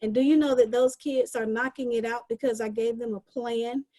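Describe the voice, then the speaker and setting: Mellow-voiced woman teacher, earnest. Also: a little high, fairly even intonation, normal speed. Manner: earnest, explanatory. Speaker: special education teacher. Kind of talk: casual panel discussion. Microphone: video call.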